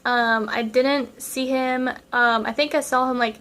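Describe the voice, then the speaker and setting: A woman's voice: a little high, steady tone, unhurried, fairly bright tone. A young woman vlogger telling a dramatic storytime in a chatty style, full of fillers. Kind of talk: casual storytime.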